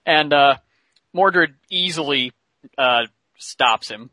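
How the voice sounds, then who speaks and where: A man's voice: on the high side, takes it slowly, pushed and bright, no echo. Chatty man recapping a cartoon episode. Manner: chatty, many fillers, laughs while telling. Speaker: podcast host.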